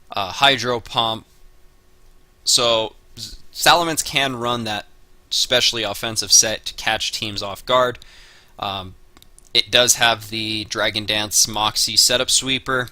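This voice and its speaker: A man's voice: medium pitch, pushed and bright, no echo. A man giving a casual spoken analysis of his draft picks, working through lists with frequent "uh" and "um" fillers. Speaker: Pokemon draft league player.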